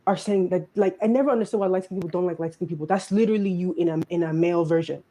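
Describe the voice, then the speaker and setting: A woman's voice: fairly low pitch, rapid-fire, mellow, poor audio. A woman commentator speaking her opinion emphatically and directly, heard in a played clip.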